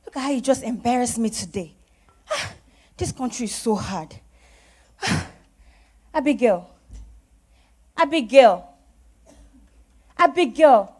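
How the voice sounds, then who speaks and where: A devout, hard-pressed mother from Nigeria, played by an actress on a stage, who pleads and exclaims. Her voice sits very high. She keeps turning back to her faith. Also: darkish tone. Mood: weary. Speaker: stage actor. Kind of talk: stage drama acting.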